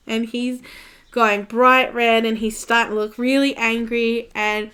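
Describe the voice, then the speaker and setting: A woman's voice: fairly high pitch, little pitch movement, a little slow, fairly bright tone, clear, resonant tone. A young Australian woman with an Australian accent chatting casually and telling a story, laughing often, while she colors on a live stream. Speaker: coloring channel host.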